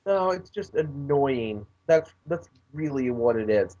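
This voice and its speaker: Hot-headed co-host ranting over a call; mid-pitched, dull low-fi sound. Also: animated, measured pace, dark tone. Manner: heated, profane, restarts often. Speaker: podcast co-host. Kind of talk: casual wrestling chat. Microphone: online voice call. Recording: lo-fi online call.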